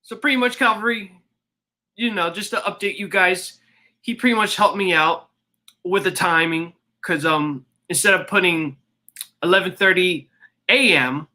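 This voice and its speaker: A man's voice: sits high, moderate pace, pushed and bright. A young man chatting casually to his livestream viewers, rambling with many fillers. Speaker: streamer.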